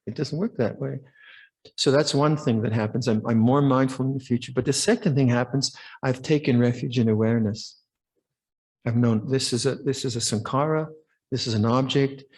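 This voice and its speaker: Husky older man giving a dharma talk. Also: mid-range voice, steady tone, moderate pace, a little mellow. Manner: conversational, repeats words, questions listeners. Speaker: Buddhist monk teacher. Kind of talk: dharma talk at a meditation retreat.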